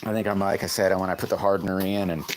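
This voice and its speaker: A man's voice: deep voice, flat delivery, fast, noisy background. A man hosting a casual livestream, greeting viewers by name and rambling through his workshop troubles. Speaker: livestream host. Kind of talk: casual live-stream chat.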